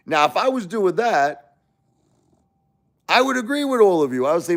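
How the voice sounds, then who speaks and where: A man's voice: extremely high pitch, unhurried, creaky, pauses often. A man hosting a live stream, ranting in a casual, indignant way and often restarting his sentences. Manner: animated, indignant, rambling with restarts. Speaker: livestream host.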